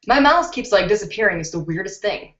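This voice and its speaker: Excitable woman from Chicago hosting a beauty channel live stream, reads comments aloud; lo-fi webcam audio in a roomy space. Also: medium pitch, a little fast, slight background noise. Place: indoors at her computer. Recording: roomy, dull lo-fi webcam sound.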